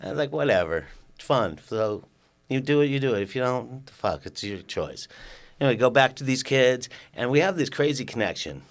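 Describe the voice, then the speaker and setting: An animated, casual storyteller, this older Californian guest on a podcast acts out people's lines and curses from time to time. His voice is medium in pitch and a little fast.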